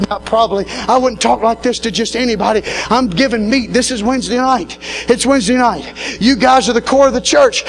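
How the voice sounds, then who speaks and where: High-voiced fervent preacher man. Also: poor audio. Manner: fervent preaching, swings from shouting to quiet. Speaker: pastor. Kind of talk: Pentecostal sermon. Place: church.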